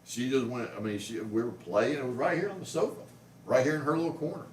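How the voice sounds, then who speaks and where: A man's voice: medium pitch, quick pace, a little mellow. A man tells a rambling story at home and coos at his cat in a casual vlog. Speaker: pet vlogger. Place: living room at home. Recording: roomy, mic at a distance, faint noise.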